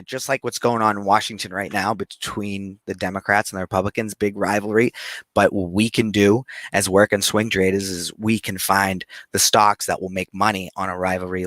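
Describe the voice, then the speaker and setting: A man's voice: on the low side, fairly bright tone, dry recording. A man with a Boston accent talking casually and upbeat about swing trading on a livestream. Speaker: guest trader presenting a show.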